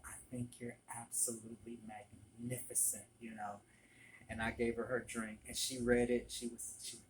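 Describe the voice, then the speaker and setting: A man's voice: mid-range voice, slight background noise, rough recording. A man telling casual stories to camera in a chatty, gossipy way, with many ums. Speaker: vlogger, former barista.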